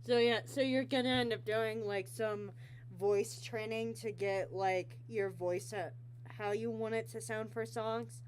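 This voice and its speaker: A woman's voice: fairly high pitch, steady tone, unhurried, a little hiss or hum. A woman hosting a casual interview show, rambling and giggly, teasing herself as she talks.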